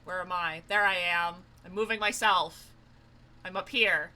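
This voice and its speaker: A young woman streaming a game, excitable and loud, swearing, laughing and screaming as she plays. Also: fairly low pitch, unhurried. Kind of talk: let's play commentary.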